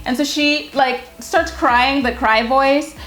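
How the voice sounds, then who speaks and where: A woman's voice: high voice, steady tone, takes it slowly, a bit bright. A young woman casually recapping a reality show, candid and gossipy, with lots of filler words.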